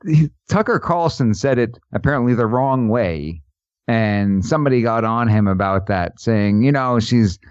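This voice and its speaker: A man's voice: medium pitch, lively intonation, no echo. Podcast host, man, jokey and laughing, dry slightly dull sound. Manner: joking, laughs often, halting restarts. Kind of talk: casual chat.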